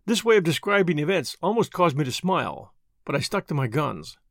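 A man reads a story aloud, measured and expressive, his pitch moving widely on a fairly high voice. There is a gravelly texture, and the recording is close and dry. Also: dry recording. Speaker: audiobook narrator. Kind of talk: scripted narration.

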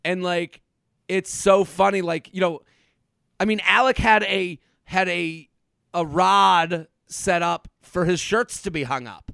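A man co-hosting a podcast, a comedian telling animated stories and acting out what people said, in casual chat. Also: high-pitched, slow, vocal fry, clear, resonant tone, no echo, clean studio sound. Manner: animated storyteller, acts out quotes.

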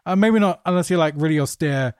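A man hosting a podcast, telling anecdotes in an animated, casual way and swearing freely. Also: a little high, fast, clear, resonant tone, no room sound, clean studio sound. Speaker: podcast host. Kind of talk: casual podcast conversation, storytelling.

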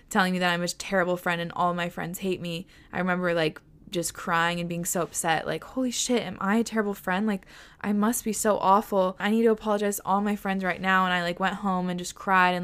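Woman, twenties, podcast host, casual advice chat, candid, chatty, swears, smooth clear voice. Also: medium pitch, fairly bright tone.

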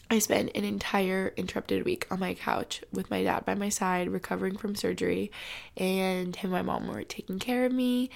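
A young woman in her twenties, a college student telling a personal story to viewers, near tears, talking in a loose, halting way full of "like" and soft breathy asides. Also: medium pitch. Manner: tearful, heavy use of "like", soft breathy asides.

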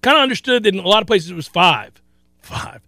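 Animated high-voiced male sports radio host. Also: fast talker, gravelly, no echo. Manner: animated, laughs often, repeats phrases. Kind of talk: casual sports talk radio.

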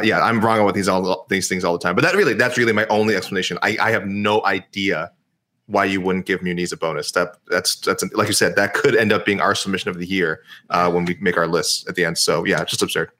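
A man's voice: deep voice, fairly even intonation, brisk, pushed and bright. A young man co-hosting a casual sports podcast, thinking aloud and often correcting himself. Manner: speculative, self-correcting, many restarts. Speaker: podcast co-host.

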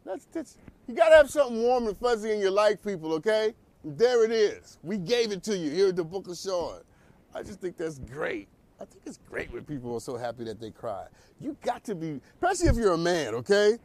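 A man's voice: sits high, fairly quick. A man hosting a talk show, riffing in a casual comedic monologue with preachy asides. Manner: animated, preachy riffs with laughs and asides.

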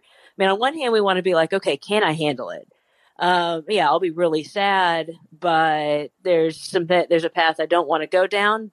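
A woman's voice: fairly low pitch, dry recording. A woman sports psychologist giving casual advice in a reassuring, loose way, full of "you know" and "kind of".

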